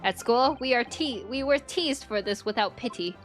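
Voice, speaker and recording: Game read: woman doing a smug trickster with mock-French flourishes, fairly high voice, faint music. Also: lively intonation, moderate pace, lightly acted. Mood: boastful. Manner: theatrical, sprinkled with French words.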